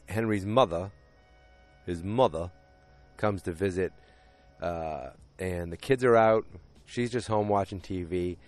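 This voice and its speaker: A man casually recapping a TV episode with a deep voice and rambling, jokey asides. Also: no room sound.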